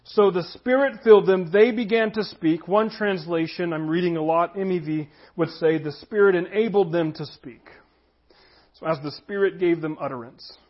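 A man's voice: high voice, moderate pace, muffled recording. A pastor preaching a conversational sermon, reading scripture aloud and telling stories to his congregation. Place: church room with congregation.

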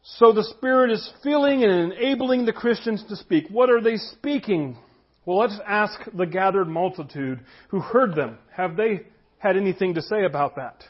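Speaking at a moderate pace in a high, husky, expressive voice, a pastor gives a conversational sermon to his congregation in a church room. He reads from scripture and tells stories, though the audio is dull.

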